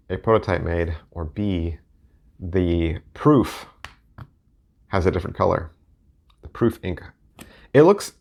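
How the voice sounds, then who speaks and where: A man's voice: low voice, creaky. A man talking casually while looking through his playing card collection, thinking aloud and rambling as he goes. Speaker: deck collector and reviewer.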